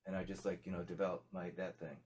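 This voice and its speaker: This is a man speaking in a slightly low voice as a guest in a casual interview. He rambles and restarts his sentences, filling the gaps with "you know" and "um". His talk sounds loose and friendly. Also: little pitch movement, quick pace, darkish tone, slight background noise. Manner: rambling, many fillers and restarts. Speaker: musician guest.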